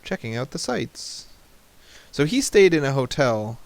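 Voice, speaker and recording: Gravelly man joking through gameplay. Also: medium pitch, very animated, unhurried, a little hiss or hum. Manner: joking, talks to the game. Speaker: let's play host. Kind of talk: casual gameplay commentary.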